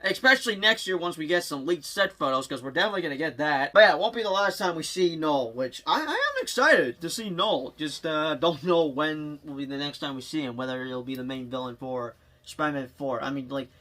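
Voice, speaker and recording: A young man vlogging at home into his phone, rambling excitedly about movies with frequent laughs. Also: a little high, a little fast, few pauses. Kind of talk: casual movie vlog chat.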